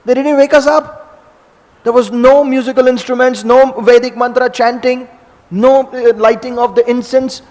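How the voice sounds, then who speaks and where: A man playing an indignant elder brother god who shouts that the rules must be kept. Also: extremely high pitch, fairly even intonation, moderate pace, pitched above the performer's own voice. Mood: alarmed. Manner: shouting in outrage, insisting on rules. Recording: long hall reverb.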